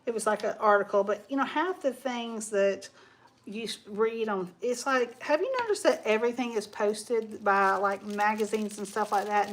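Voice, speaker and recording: A woman hosting a live crafting stream, chatting casually in a rambling way and reading viewer comments aloud as she works. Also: fairly high pitch. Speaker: craft livestream host.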